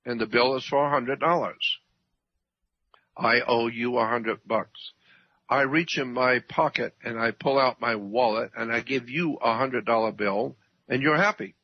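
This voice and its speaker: Husky, emphatic man on talk radio. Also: mid-range voice, a little slow, no echo. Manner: emphatic, repeats points, clears throat often. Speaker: radio guest. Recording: dull dry radio audio.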